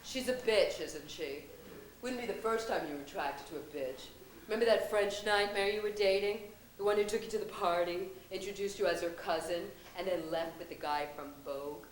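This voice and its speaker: A woman playing a calm, blunt New Age male friend who teases and coaches, in a stage comedy. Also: mid-range voice, moderate pace, echoey room, slight background noise, lightly acted, low-quality recording. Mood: teasing. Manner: soothing, wry, blunt.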